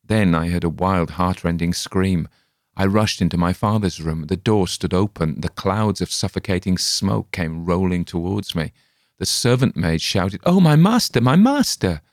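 Deep-voiced man reading gothic fiction. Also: steady tone, moderate pace, dry recording, clean studio sound. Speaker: audiobook narrator. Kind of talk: scripted narration.

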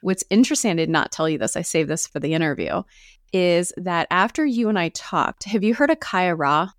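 A woman's voice: fairly low pitch, lively intonation, brisk, no room sound, studio quality. A woman guest on a podcast, talking casually and enthusiastically, rambling with many fillers. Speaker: podcast guest, fellow podcast host. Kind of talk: casual conversational interview.

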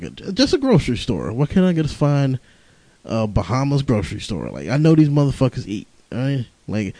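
A young man hosts a podcast solo, sounding tired as he rambles through stories, swearing often and laughing along the way. His voice is medium-pitched and warm, recorded roughly with no room sound.

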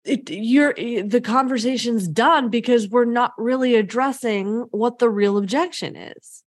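A woman's voice: fairly high pitch, unhurried, no room sound, clean studio sound. Upbeat woman podcaster coaching sales. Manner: energetic, conversational, acts out client lines. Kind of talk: solo podcast teaching.

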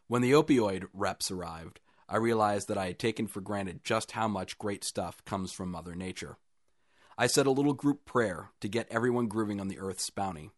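Low-voiced man reading a story aloud. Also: no room sound, clean studio sound. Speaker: story reader. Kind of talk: first-person short story reading.

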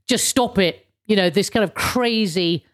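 A woman's voice: mid-range voice, measured pace. A woman ranting casually to camera in a rambling, sarcastic way, swearing often and restarting her sentences. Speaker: vlogger.

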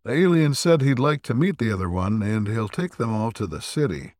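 A man with a low voice hosts a casual podcast recap. He rambles through the plot with plenty of fillers and throat clearing. The sound is close and dry, with no room around it. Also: big pitch swings, a little fast, darkish tone, no room sound. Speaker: podcast co-host.

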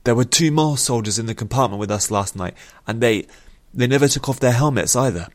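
A man's voice: mid-range voice, a little fast, no room sound, pitched above the performer's own voice, close to an everyday voice. A man voicing a nervous male soldier who speaks quiveringly and stammers.

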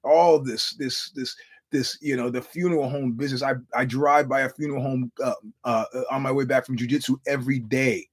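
A middle-aged man talks through his podcast in a loose, rambling monologue. He swears freely and often circles back to restart his sentences. His voice sits at a plain, medium pitch. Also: fairly even intonation, a little fast, husky. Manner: rambling storyteller, profane, many restarts. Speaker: podcast host. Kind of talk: casual monologue.

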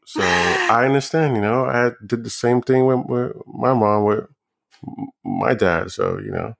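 A young man joins a relaxed podcast chat as a guest. He talks hesitantly, stumbling and repeating words, with a mid-range voice that moves up and down a lot. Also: mid-range voice, unhurried, gravelly. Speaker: guest, host's partner. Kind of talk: casual chat.

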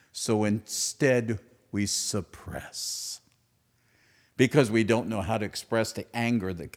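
A middle-aged man hosting a podcast, delivering an animated comic monologue that swings from loud outbursts to hushed asides. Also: on the low side. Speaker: podcast host.

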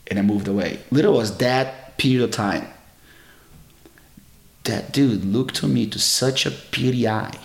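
A man's voice: mid-range voice, measured pace, vocal fry, long pauses, reverberant. A middle-aged man telling stories from his martial arts career in a casual interview, rambling with many fillers and restarts. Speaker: jiu-jitsu champion guest.

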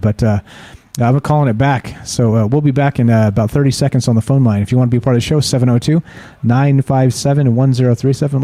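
A man's voice: medium pitch, warm tone, no room sound. A man hosting a live call-in radio show, talking casually and reading stories aloud, rambling with many fillers and restarts.

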